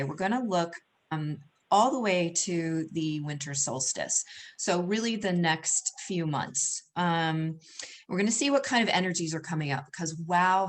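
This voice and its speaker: A woman's voice: lowish voice, a bit bright, slight background noise. A woman hosting a casual live-stream interview, talking in a rambling way with many fillers and at times getting emotional. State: emotional, near tears at times. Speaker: host, energy healer.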